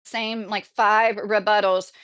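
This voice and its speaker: A woman's voice: mid-range voice, flat delivery, slow pace, a bit bright, smooth. A woman in her late thirties, a YouTuber ranting casually to camera, indignant and rambling with restarts and frequent fillers. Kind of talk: casual political rant to camera, reading comments.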